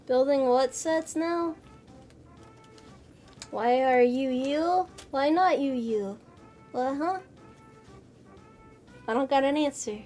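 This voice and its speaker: Her voice sits high and mellow as this VTuber streams from her home computer, casually chatting with viewers. She swears frequently, stays playful, and mutters and exclaims to herself during the model build.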